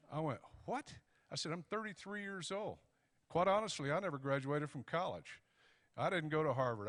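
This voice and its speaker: A man's voice: medium pitch, fairly bright tone. A middle-aged man giving a folksy storytelling speech to a club, acting out the back-and-forth of old conversations. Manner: folksy, acts out dialogue. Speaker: guest speaker. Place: banquet hall. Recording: long hall reverb.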